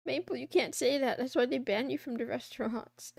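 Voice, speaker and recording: High, gravelly-voiced woman rambling while drawing. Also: normal speed, dry recording, clean studio sound. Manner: rambling, giggly, joking with herself. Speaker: streamer. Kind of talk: casual chat while drawing a comic.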